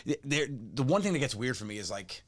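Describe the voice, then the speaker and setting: A man's voice: medium pitch, lively intonation, a little fast, no room sound, studio quality. A man in his forties co-hosting a podcast, chatting casually and laughing often. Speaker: podcast co-host.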